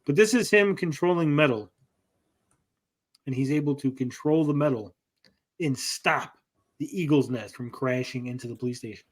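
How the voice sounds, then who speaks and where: A man's voice: medium pitch, moderate pace, pauses often. A man hosting a casual comic book review, retelling the plot with sarcastic asides.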